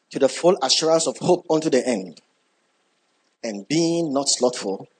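A man preaching a sermon, emphatic, repeating key words and building up when excited. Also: mid-range voice, breathy edge.

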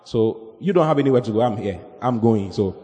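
A man's voice: on the low side, expressive, fairly quick, mellow. A man pastoring a church service, preaching a sermon and leading the congregation in call-and-response. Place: church hall. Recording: long hall reverb with faint music.

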